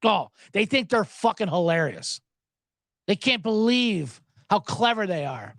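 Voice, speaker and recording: A man's voice: high voice, big pitch swings, unhurried, a bit bright, dry recording. A man hosting a sports betting podcast, ranting sarcastically with profanity and mocking voices. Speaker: podcast host.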